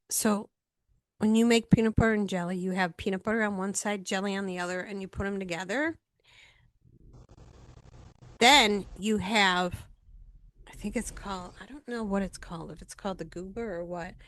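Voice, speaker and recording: A middle-aged woman co-host in a relaxed podcast conversation. She tells homely stories and examples in a chatty, easygoing way. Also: medium pitch, moderate pace, dry recording. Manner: chatty anecdotal storytelling. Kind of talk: casual chat.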